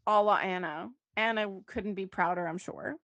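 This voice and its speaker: A woman's voice: mid-range voice, moderate pace, fairly bright tone, no echo, highs cut off. A woman co-hosting a podcast, chatting casually and quoting characters as she recaps. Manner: chatty, quotes characters, laughs often. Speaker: podcast co-host. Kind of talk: casual chat recapping a soap opera.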